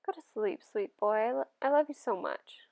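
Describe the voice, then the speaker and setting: A woman reading the part of a weary, tender mother soothing her son in hushed, soft tones. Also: fairly high pitch, moderate pace, vocal fry. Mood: tender, tired. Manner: soft, hushed, near whispering.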